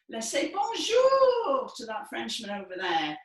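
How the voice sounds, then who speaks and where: A woman, possibly from Wales, leading a guided breathing and vocal warm-up in a lively, encouraging, playful way. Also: fairly high pitch, unhurried, few pauses, distant mic. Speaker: dance and movement leader. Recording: echoey room from afar.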